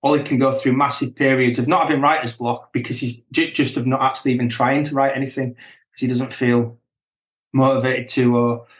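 A middle-aged man and band member chatting casually as a guest, relaxed and chuckling, often restarting his sentences. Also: mid-range voice, brisk, reverberant. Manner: relaxed, chuckling, self-correcting. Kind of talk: casual chat.

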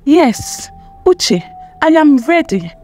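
A woman's voice: high voice, very animated, unhurried, a little mellow, faint music behind. A woman voicing a betrayed young wife, emotional as she pleads and accuses. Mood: distraught.

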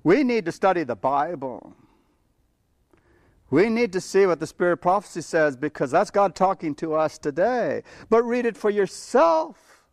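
A man's voice: high voice, sing-song, normal speed, dry recording, studio quality. A man preaching a sermon, emphatic and blunt, often chuckling between his points as he reads and explains scripture. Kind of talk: sermon with Bible reading.

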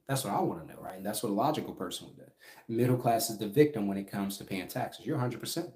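Middle-aged male business coach: low, mellow voice, emphatic, in a roomy echo. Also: big pitch swings, quick pace. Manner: emphatic, keeps asking "right?". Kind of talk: casual teaching livestream. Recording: echoey room.

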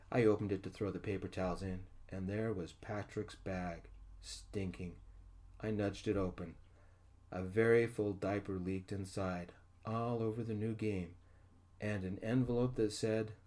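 Man, soft-spoken storyteller, low mellow voice, reads all parts himself.

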